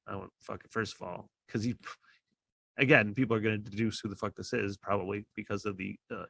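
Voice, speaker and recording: A man's voice: lowish voice, steady tone, a little fast, gravelly, a bit bright, no echo. A man hosting a podcast, telling a rambling story in a casual, profane way, full of fillers and laughs. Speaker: podcast host. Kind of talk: casual monologue. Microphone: podcast microphone.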